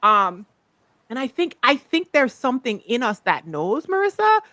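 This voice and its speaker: A woman's voice: fairly high pitch, very animated, normal speed, pushed and bright, dry recording. Playful, laughing woman host in a dry room. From US Virgin Islands. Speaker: host, life coach. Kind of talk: casual livestream chat.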